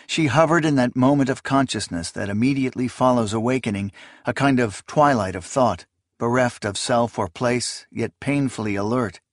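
A man reading a fantasy novel aloud as narrator, in a measured, steady storytelling delivery. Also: medium pitch, no echo, clean studio sound. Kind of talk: scripted audiobook narration.

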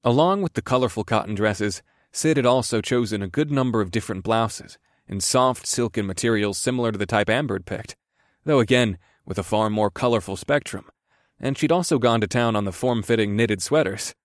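A man's voice: on the low side, fairly quick, dry recording, studio quality. A man narrating a first-person audiobook in an amused storytelling manner.

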